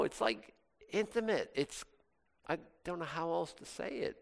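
A man preaching a sermon, swinging from loud exclamations to soft, intimate asides. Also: on the high side, expressive, moderate pace, vocal fry.

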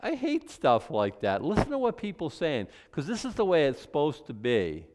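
A man's voice: fairly high pitch, wildly swooping pitch, moderate pace, a little mellow. A man preaching, reading scripture aloud and then breaking into joking, conversational comments and mock apologies. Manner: acts out mock apologies in voices. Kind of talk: Bible teaching with casual asides.

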